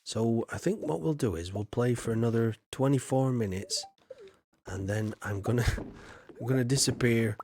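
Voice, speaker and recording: A man's voice: medium pitch, moderate pace, a little mellow, a little hiss or hum. A man chatting casually while streaming a game, rambling and laughing often as he reads his chat.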